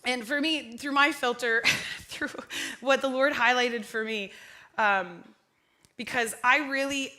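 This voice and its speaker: A woman's voice: fairly high pitch, measured pace, pushed and bright. A young woman preaching a sermon in church, chatty and self-deprecating, asking the congregation questions. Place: church sanctuary.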